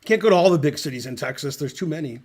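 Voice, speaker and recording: A man's voice: on the high side, lively intonation, rapid-fire, a little mellow. Rambling, dry-humored man commentating chess. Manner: rambling, dry, digressive storytelling. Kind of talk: casual live chess commentary.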